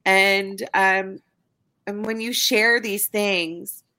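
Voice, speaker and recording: A woman hosting a podcast interview, talking in an emotional, halting way with repeated words, near tears. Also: medium pitch, steady tone, sharp tone, smooth. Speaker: podcast host.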